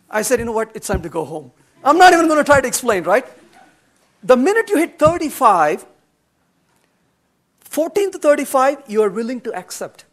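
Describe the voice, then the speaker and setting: A middle-aged man lecturing at a developer conference, blunt and animated, answering audience questions with humor. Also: extremely high pitch, moderate pace, long pauses. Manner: acts out quoted dialogue in changed voices. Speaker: conference speaker. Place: conference room.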